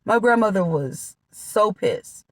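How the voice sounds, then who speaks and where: A woman's voice: medium pitch, lively intonation, takes it slowly, no echo. A woman vlogger telling her own life story in a casual, candid way. She often quotes her relatives. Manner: candid, conversational, drops into quoted voices of relatives.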